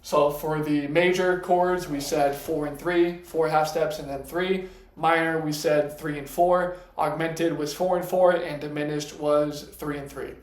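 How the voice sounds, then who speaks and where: A man teaching a casual piano lesson, patient, explaining step by step and counting notes out loud. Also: fairly high pitch, fairly even intonation, measured pace. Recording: echoey room with piano playing. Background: piano notes between lines.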